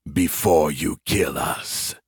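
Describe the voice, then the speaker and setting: A man's voice: rumbling low, breathy edge, no room sound, studio quality, voice pushed down, heavily acted. Admiral Zovenk, a man voicing a growling proud alien. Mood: defiant. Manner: slow, heavy, defiant. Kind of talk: audiobook character voice.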